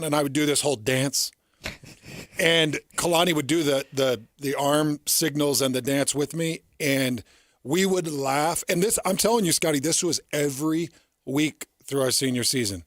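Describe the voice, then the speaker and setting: A man's voice: medium pitch, fairly even intonation, normal speed, a bit bright, no echo, clean studio sound. A middle-aged man hosting sports radio, telling stories in an earnest, emphatic way.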